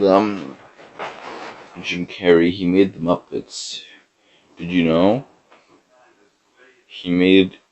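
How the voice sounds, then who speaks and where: A man hosting a podcast, delivering a rambling deadpan comedy monologue full of fillers and hesitations. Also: sits low, gravelly, highs cut off. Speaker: podcast host.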